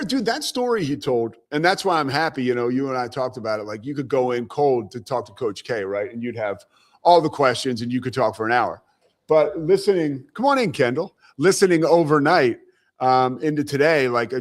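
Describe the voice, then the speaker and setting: This man hosts a live sports talk show and tells stories with real animation, his voice swinging widely as he acts out the people he quotes. He sits a little high in pitch for a man. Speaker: show host. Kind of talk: casual sports radio chat.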